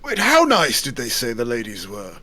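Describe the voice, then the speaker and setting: A man voicing a brash adventurer in a tabletop game, calling out loudly and joking. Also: medium pitch, wildly swooping pitch, normal speed, pitched below the performer's own voice, exaggerated voice. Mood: breezy.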